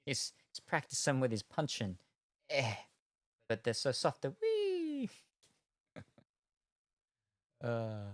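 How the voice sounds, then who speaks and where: A man's voice: mid-range voice, dry recording. Rambling, chatty man on a dry close mic. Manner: rambling, meandering retelling with many hedges. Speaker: card-opening streamer. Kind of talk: casual chat while opening cards.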